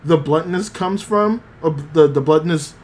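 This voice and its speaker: A man's voice: a little high, measured pace. A man hosting a podcast, casually recapping an anime episode, rambling with many fillers. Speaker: podcast host.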